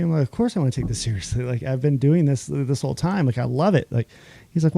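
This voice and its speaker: A man, a chef, chatting as a podcast guest, telling animated stories, acting out quoted dialogue and laughing often. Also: mid-range voice, brisk, creaky, husky. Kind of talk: casual interview chat.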